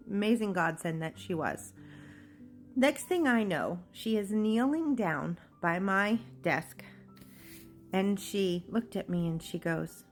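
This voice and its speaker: Woman telling her story earnestly. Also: medium pitch. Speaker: speaker sharing her own story. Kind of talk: personal testimony.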